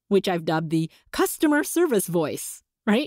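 A woman hosting a solo podcast, coaching listeners in an encouraging, animated way with playful voice shifts. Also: mid-range voice, normal speed, few pauses, no room sound, studio quality. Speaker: podcast host.

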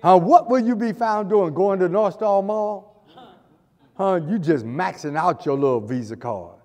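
A man's voice: high-pitched, animated, a little slow, a little mellow, long reverb tail. A male pastor preaching a fervent sermon, repeating phrases and hurling rhetorical questions at the congregation. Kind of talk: fiery sermon. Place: church sanctuary.

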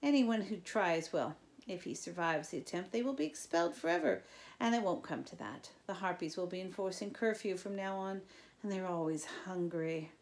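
Spiteful old male villain as read by a woman: croaking, gravelly hushed menace with sudden loud orders. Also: lowish voice, expressive. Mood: menacing. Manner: slow, sly storytelling with sudden loud orders. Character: sinister old male king, spiteful and gloating.

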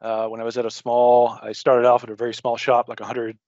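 A man's voice: mid-range voice, monotone, brisk, darkish tone, dry recording, dull audio. A man giving a casual technical talk to a user group over a video call, rambling and self-interrupting with frequent jokes.

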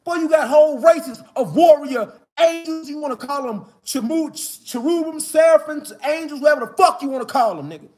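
A man giving a fired-up, profane, slangy preaching monologue outdoors in the mountains, often rising to shouts. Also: extremely high pitch, fairly quick, hardly any pauses. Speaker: spiritual commentator.

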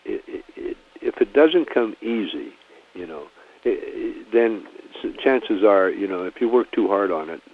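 A man's voice: fairly low pitch, animated, unhurried. A man, a comedian guest in a casual phone interview, talking in a rambling, laid-back way full of restarts and "you know". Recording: tinny phone line.

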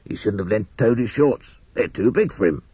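A man's voice: fairly low pitch, animated, moderate pace, dark tone, slightly rough, no echo. A man voicing a scruffy male rat in a storybook, in a dry, grumbling way. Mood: complaining. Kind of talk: storybook character voice.

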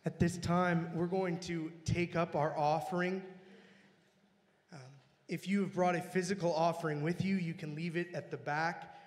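Church leader, man, hoarse and worn, high-ish voice, earnest prayer, echoing sanctuary. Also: little pitch movement, normal speed. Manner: earnest and reverent. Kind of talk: church announcements and spoken prayer. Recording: long church-hall reverb.

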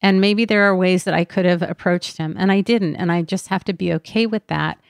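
A woman's voice: fairly low pitch, brisk, gravelly, no room sound, clean studio sound. A woman podcast host talking candidly and earnestly about her own healing in a reflective personal talk.

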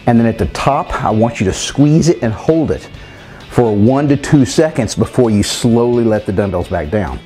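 This fitness coach has a medium-pitched, dark voice and speaks animatedly at a normal speed, with faint music behind him. He guides viewers through a home workout, explaining exercises, calling them "guys," and counting reps aloud.

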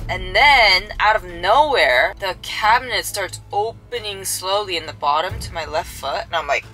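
A woman's voice: mid-range voice, lively intonation, normal speed, sharp tone, soft background music, low-quality recording. A young adult woman vlogging, telling a story casually and animatedly, sometimes dropping to a whisper for suspense.

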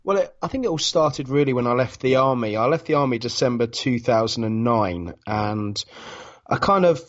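Male guest from Britain, measured storyteller, a bit lo-fi. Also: medium pitch, expressive. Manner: measured, storytelling, many "kind of" and "you know". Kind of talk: interview answers.

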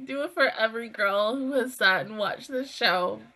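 Bright-voiced emotional young woman. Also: fairly high pitch, moderate pace, low-quality recording. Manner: emotional, rambling, swears freely. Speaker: anime reaction host. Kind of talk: casual emotional review.

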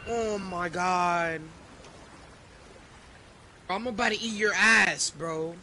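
A man's voice: high voice, slow pace, pauses often, noisy background. A young man chatting crudely with friends while streaming a game. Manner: crude teasing banter. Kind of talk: casual gaming chat.

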